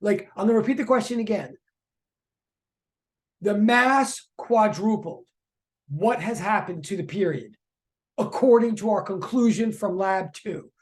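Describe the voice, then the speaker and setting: Excitable physics teacher. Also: medium pitch, unhurried, pauses often. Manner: excitable, chatty, repeats questions; talks to students in chat. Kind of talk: live online lecture.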